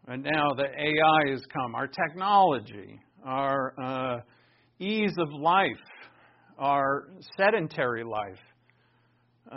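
A man preaching a sermon, stressing key words with sudden loud bursts and dropping into quiet asides. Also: mid-range voice, dull audio. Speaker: pastor.

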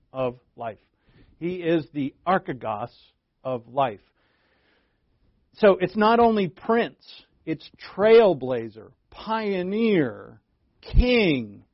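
A man's voice: a little high, no echo, dull audio. A man preaching a sermon in a conversational way, often breaking off and restarting with playful asides. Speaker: pastor.

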